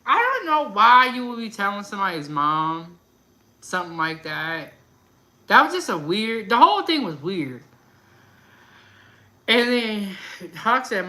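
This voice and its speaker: Bright-voiced woman chatting casual gossip. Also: mid-range voice, unhurried, long pauses, rough recording. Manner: chatty, animated gossip with laughs and asides. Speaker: host of a food and gossip channel. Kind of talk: casual chat about celebrity gossip.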